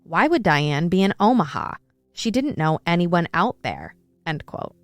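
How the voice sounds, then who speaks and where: A woman co-hosts a true crime podcast with a smooth, resonant voice. She reads out news quotes, then rants with open indignation and curses freely. She is recorded close and dry, with faint music underneath. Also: fairly low pitch, big pitch swings, measured pace, no echo. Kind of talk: casual podcast chat, reading quotes.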